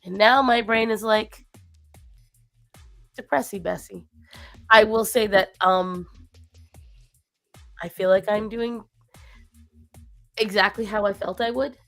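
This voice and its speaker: A weary woman talks on her livestream in a loose, rambling way, drifting between stories and baby talk to her pets. Her pitch sits in the middle of the range, and faint music plays underneath. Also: steady tone, a little slow, long pauses, a bit bright. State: tired and low after a long week. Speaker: stream host. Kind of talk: casual chat on a livestream.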